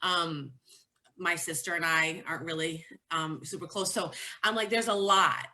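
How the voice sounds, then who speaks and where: A woman's voice: lowish voice, steady tone, normal speed, sharp tone. A pregnant woman talking candidly and from the heart as the featured guest in a casual chat about motherhood.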